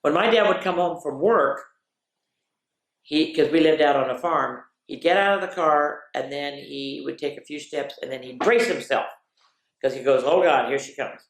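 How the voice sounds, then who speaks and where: A woman hosting a children's story time, talking to kids in a lively, expressive way. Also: low-pitched, moderate pace. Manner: animated, expressive, addressing kids directly. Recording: roomy echo.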